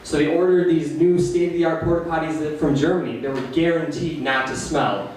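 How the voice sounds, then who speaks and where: On a small cafe stage, an open mic comedian with an Upper Midwest American accent tells rambling stand-up jokes, laughing nervously at himself in a self-deprecating way. His slightly high, darkish voice keeps a steady tone at a fairly quick pace. He sounds far from the mic in a very echoey room, with a faint hiss under the recording.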